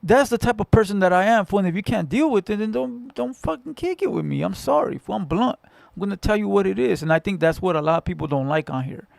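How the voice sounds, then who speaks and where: Blunt, gravelly-voiced man from Southern California. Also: high-pitched, animated, fast, a little mellow, no room sound. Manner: blunt, profane storytelling with street slang. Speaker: livestream host. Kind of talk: casual livestream chat with viewers.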